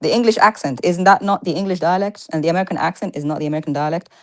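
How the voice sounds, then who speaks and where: A woman co-hosting a live-streamed talk show, arguing emphatically in casual chat with rapid-fire rhetorical questions. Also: fairly low pitch, dry recording.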